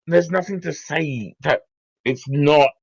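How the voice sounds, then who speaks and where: A man who has been drinking, arguing in an online debate, halting with fillers and swearing when flustered. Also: on the high side, husky, no room sound, lo-fi sound. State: tipsy from drinking.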